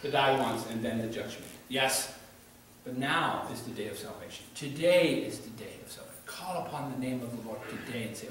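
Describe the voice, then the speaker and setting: A male pastor preaching a sermon, rising to loud exhortation and dropping to quiet pleading. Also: mid-range voice, a little fast. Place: church sanctuary. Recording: roomy church sound from a distance, faint hiss.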